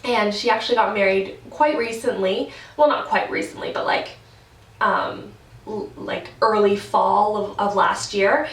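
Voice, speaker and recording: A woman's voice: mid-range voice, measured pace. A young woman talking casually to her camera, her sentences wandering and full of "like". She sits a bit away from the mic, and the room gives her voice a noticeable echo. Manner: chatty and rambling, many "like" fillers, laughs often. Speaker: vlogger. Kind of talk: casual vlog chat. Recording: roomy, from a distance from the mic.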